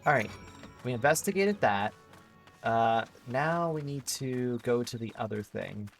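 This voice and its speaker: A man streaming a game who chats loosely as he plays. His voice is mid-pitched, and his talk is full of "like" and "uh" as he thinks aloud. Soft music plays faintly underneath. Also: lively intonation, measured pace, vocal fry. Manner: rambling, filler-heavy, thinking aloud. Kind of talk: casual gameplay commentary.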